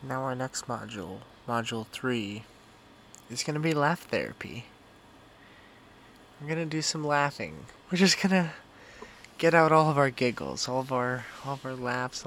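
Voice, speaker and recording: A man's voice: medium pitch, normal speed, fairly bright tone, a little hiss or hum. A man hosting a breathing and laughter session, giving exercise instructions in an exaggerated coaching manner. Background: music.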